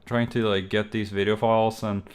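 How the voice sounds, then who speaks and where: A man's voice: on the low side, little pitch movement, fairly quick. Exasperated rambling young man. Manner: rambling, exasperated, many fillers and restarts. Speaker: streamer. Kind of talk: casual solo stream talk.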